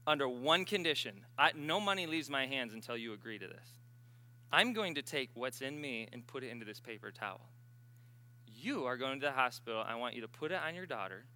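A middle-aged man preaching, telling a healing story with loud exhortations and hushed retold dialogue. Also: mid-range voice. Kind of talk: sermon storytelling.

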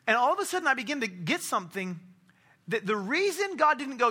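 A man's voice: very high-pitched, very animated, fairly quick, pushed and bright, breathy edge. A man preaching a casual sermon, telling stories and acting out characters, with frequent restarts. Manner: storytelling, acts out characters in quotes.

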